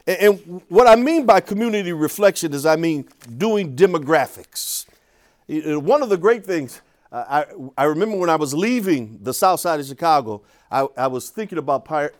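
Older male speaker, somewhat high voice, lively storyteller who restarts his sentences. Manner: animated storyteller, frequent restarts and repeated words. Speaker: urban ministry teacher. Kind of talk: storytelling talk to an audience.

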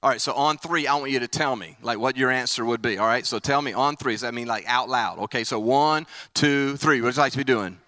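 A man preaching an energetic, playful sermon at a camp meeting, swinging from excited calls to the crowd to hushed, earnest reflection. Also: medium pitch, a little fast, hardly any pauses, no echo.

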